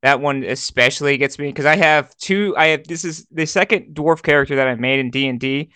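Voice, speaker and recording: Smooth, clear-voiced young man. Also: a little high, fairly quick, bright, forceful tone, no echo. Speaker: podcast co-host. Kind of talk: casual chat.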